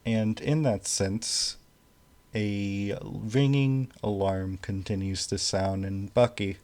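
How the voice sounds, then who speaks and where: A man narrating a tabletop game as game master, halting and full of fillers. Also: on the low side, fairly even intonation, a little mellow.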